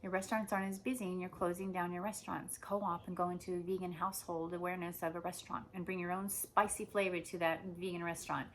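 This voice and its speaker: A woman giving a rambling spiritual monologue, meandering and repetitive, slowing down to stress her points. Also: lowish voice, little pitch movement, a little hiss or hum, poor audio. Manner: meandering and repetitive, with slow emphatic stretches. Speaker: spiritual speaker.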